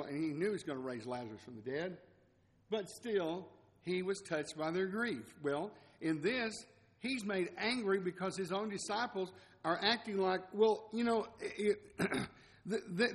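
A man preaches in a loose, conversational way, laughing softly at his own asides. His voice sits a little high for a man. It rings out in a church hall with a long echo. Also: slight background noise. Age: 60s. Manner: folksy, chuckling asides. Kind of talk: conversational sermon.

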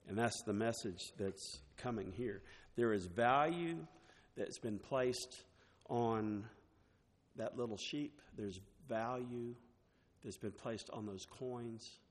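A man's voice: medium pitch, slow pace, in a large hall. A man preaching a sermon, reading scripture aloud and then explaining it in plain, conversational words with some restarts. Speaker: pastor.

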